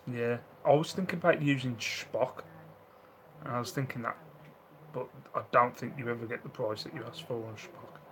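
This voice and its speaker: A man's voice: mid-range voice, steady tone, moderate pace, fairly bright tone, a little hiss or hum, poor audio. A man chatting casually on a live stream at home, reading out viewer comments, laughing often and acting out the voices of people in his stories. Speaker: live-stream host reselling second-hand goods.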